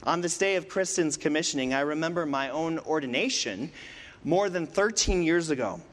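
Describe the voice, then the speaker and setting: A middle-aged male pastor preaching a sermon, dramatic, with rhetorical questions and pauses. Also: fairly high pitch, animated. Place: church sanctuary. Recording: long reverb of a church hall.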